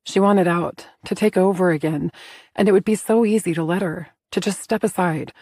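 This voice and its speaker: A woman narrating a first-person romance audiobook in a soft, intimate storytelling manner. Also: lowish voice, normal speed, dry recording, clean studio sound.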